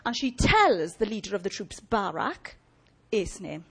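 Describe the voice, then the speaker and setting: A woman preaching a lively, humorous sermon and chatting with her audience. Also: mid-range voice, measured pace, husky.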